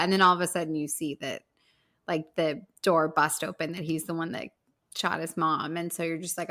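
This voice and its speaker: A woman co-hosting a casual movie podcast, talking eagerly and quickly with many "like" fillers. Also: fairly low pitch, level tone, fairly bright tone. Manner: eager, fast, full of "like" fillers. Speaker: podcast co-host.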